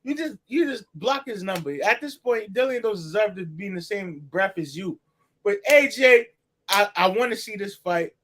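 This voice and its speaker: An American man co-hosting a boxing talk show in casual chat, animated and fired up, full of slang. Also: high-pitched, normal speed, slight background noise.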